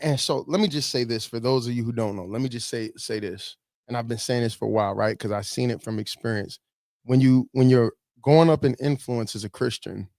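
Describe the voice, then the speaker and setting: A man's voice: medium pitch, a little mellow, no room sound, clean studio sound. A man giving fervent, preachy commentary, getting teary-eyed and repeating himself for emphasis. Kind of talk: emotional commentary.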